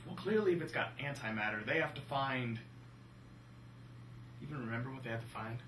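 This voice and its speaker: A young man co-hosting a casual movie-review chat, animated and jokey. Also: medium pitch, brisk, slight background noise. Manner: animated, jokey, slips into silly voices. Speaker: film review podcast co-host. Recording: roomy room from a distance.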